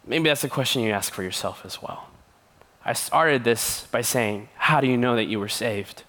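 An earnest young man preaches to a youth group in a conversational tone. He slips in light, playful asides between the serious points. His voice sits at an everyday middle pitch. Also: normal speed, bright, forceful tone. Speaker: youth pastor. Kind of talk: sermon.

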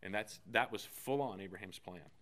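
Man preaching, earnest storyteller, lowish voice, emphatic swells. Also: normal speed, a bit bright. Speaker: pastor. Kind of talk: sermon with personal story.

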